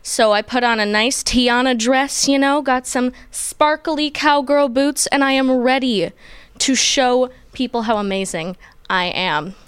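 A young woman telling a personal childhood story in an animated, playful way, acting out what people said. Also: high voice, unhurried, clean tone, no room sound. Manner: animated, playful, acts out quotes. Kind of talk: personal story told to a group.

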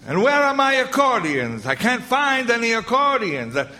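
A man's voice: a little high, wildly swooping pitch, unhurried, a bit bright, slight background noise, heavily acted. A man playing a flustered old bandleader in a comedy sketch, an impression of a famous TV maestro, sputtering his questions.

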